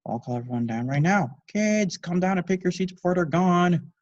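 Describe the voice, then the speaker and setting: A man's voice: medium pitch, expressive, racing, dry recording, muffled recording, pitched above the performer's own voice, natural voice. A man voicing a tired, exasperated middle-aged mother who is unfazed by her husband's antics. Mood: weary.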